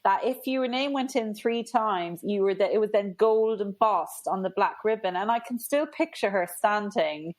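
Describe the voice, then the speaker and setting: Woman author guest, mid pitch, chatty and rambling, laughs as she talks. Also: moderate pace, hardly any pauses, low-quality recording. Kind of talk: casual storytelling.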